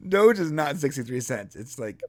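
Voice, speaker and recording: Brief: male co-host, slightly higher voice, animated and jokey, casual live review banter. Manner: laughs often, jokey asides. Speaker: podcast co-host. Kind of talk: casual livestream review chat.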